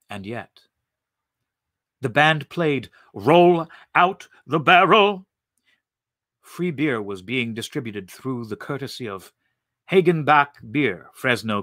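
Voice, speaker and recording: A man reads a story aloud, slow and expressive, his pitch moving a lot. His tone is bright and a little high, and the sound is dry and close. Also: no echo. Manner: slow, expressive, vivid narration. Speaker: actor reading aloud. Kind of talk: dramatic story reading.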